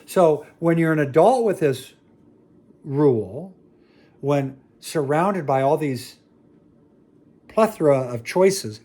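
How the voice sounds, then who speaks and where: A man's voice: big pitch swings, takes it slowly, darkish tone. Man telling stories in a jokey talk. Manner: jokey, self-mocking storytelling with sudden high exclamations. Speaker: speaker on family dynamics. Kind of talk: talk to an audience.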